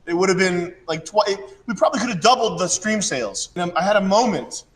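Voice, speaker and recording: A man hosting a casual chat, rambling and mocking, sometimes breaking into shouted rants. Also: high voice, expressive, quick pace. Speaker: show host.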